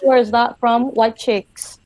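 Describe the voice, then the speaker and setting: Animated woman. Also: a little high, slow, a crowd in the background. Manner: animated, laughs often, vents. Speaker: podcast guest. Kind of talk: casual chat.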